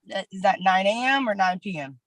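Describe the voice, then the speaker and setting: Woman testifying haltingly in court, dry sound. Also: medium pitch, animated, no room sound, low-quality recording. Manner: halting, filler-heavy retelling. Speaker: petitioner in a court hearing.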